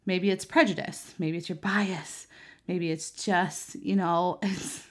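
A woman's voice: lowish voice, steady tone, slow. A woman in her thirties, a mother, talking earnestly to camera in a conversational way, with many fillers and restarts. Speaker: mother and vlogger.

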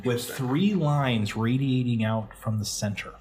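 A man narrating as game master of a tabletop game, in a relaxed, plain way. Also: medium pitch, unhurried.

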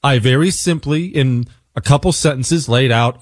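A man hosting a talk radio show, telling a story in a casual, self-deprecating way while a little sick and quieter than usual. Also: mid-range voice, moderate pace, few pauses, no room sound, studio quality.

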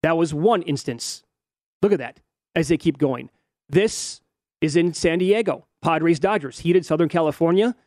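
A middle-aged sports betting host talks in a slightly high, worked-up voice, acting out outrage as he narrates clips. The mic is close and dry, with no room sound. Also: normal speed, dry recording. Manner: animated, mock-outraged, acts out fans' lines. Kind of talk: casual sports talk, narrating fan videos.

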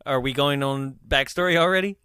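Bright-voiced man chatting, laughing often. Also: medium pitch, brisk, smooth, no echo, clean studio sound. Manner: laughs often, rambling, lots of "right?". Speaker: podcast co-host. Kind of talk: casual movie discussion chat.

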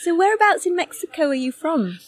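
A woman's voice: very high voice, very animated, a little fast. A woman hosting a podcast, enthusiastic and chatty as she introduces and interviews her guest. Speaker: podcast host.

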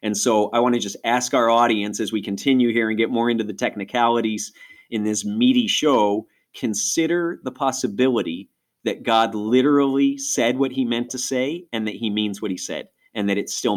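A middle-aged man from Rochester, New York, explaining in a podcast conversation with animated asides. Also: on the low side, fairly quick. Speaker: ministry guest speaker.

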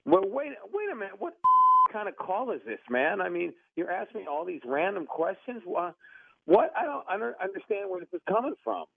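Male phone caller, slightly high, flustered and defensive, thin dry phone audio. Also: big pitch swings, a little fast, gravelly, breathy edge, dry recording. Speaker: prank call target. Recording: tinny phone line, dry.

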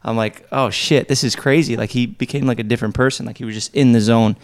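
A man's voice: mid-range voice, fairly even intonation, fast, gravelly. A young man co-hosting a podcast, telling stories in a laid-back, casual way and swearing freely. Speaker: podcast co-host. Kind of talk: casual chat.

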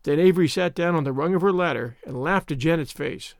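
A man narrating a storybook as an audiobook in a measured, expressive way. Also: a little high, dry recording, studio quality.

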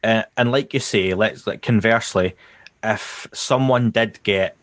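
A man hosting a podcast, talking in a relaxed, rambling way and building hypothetical examples. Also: fairly low pitch, unhurried, no echo. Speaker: podcast host. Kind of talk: casual podcast conversation.

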